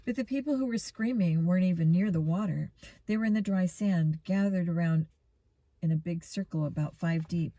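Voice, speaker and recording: A woman reading a children's mystery book aloud in a steady storytelling manner. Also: on the low side, moderate pace, no echo. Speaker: reader.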